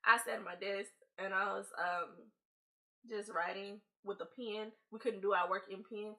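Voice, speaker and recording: Bright-voiced young woman telling a story. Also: mid-range voice. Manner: animated, slangy storytelling that acts out quotes. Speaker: vlogger. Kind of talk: casual storytime.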